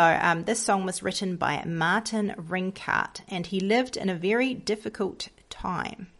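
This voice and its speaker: Gravelly-voiced woman telling a Bible story. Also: mid-range voice. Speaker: Bible lesson teacher. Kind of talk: storytelling lesson for children.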